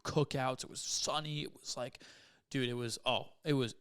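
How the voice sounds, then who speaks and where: A man's voice: medium pitch, steady tone, moderate pace, fairly bright tone, clean tone. A young man co-hosting a podcast, chatting casually in a blunt, profane way. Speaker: podcast co-host. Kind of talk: casual chat.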